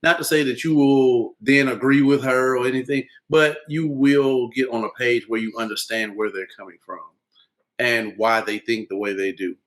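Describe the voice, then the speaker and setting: A husband speaks as a guest on a relaxed podcast. He talks calmly and in a measured way. His voice is mid-pitched. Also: rough recording. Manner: calm, measured advice. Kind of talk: casual chat.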